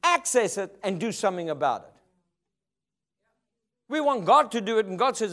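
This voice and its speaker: A man's voice: sits high, sing-song, normal speed, long pauses, a bit bright. A man preaching a sermon, emphatic and rhythmic, often asking the congregation for an amen. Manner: emphatic, call-and-response preaching.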